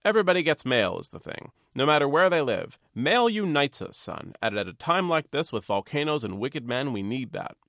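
A man voicing a pushy, gushing middle-aged postman who talks with loud insistent emphasis. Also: medium pitch, big pitch swings, normal speed, few pauses, dry recording, studio quality, voice pushed up. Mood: emphatic. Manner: insistent, emphatic, rising to near shouting.

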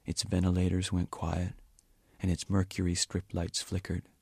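Deep gravelly guy reading his book aloud, calm and measured, dry close sound. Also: no echo. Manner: measured, quiet, at times near a whisper. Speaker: author reading his novel. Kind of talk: audiobook-style reading.

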